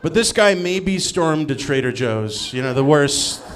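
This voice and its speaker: A man's voice: on the high side, animated, a little slow, a bit bright, a little hiss or hum. Wry, sardonic male stand-up comic. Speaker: touring stand-up comedian. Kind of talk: stand-up comedy set. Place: comedy stage before a live audience.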